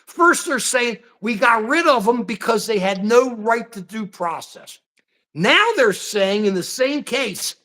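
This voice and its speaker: A man's voice: extremely high pitch, sharp tone. A man hosting a political commentary livestream, ranting and rambling, repeating phrases as he reads out chat comments. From United States.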